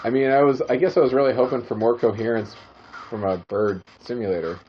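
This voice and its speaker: A man's voice: mid-range voice, steady tone, fairly quick, a little hiss or hum. A man co-hosting a podcast in casual chat, reading a game aloud and making dry wisecracks. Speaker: podcast co-host. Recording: dull lo-fi podcast audio with faint music.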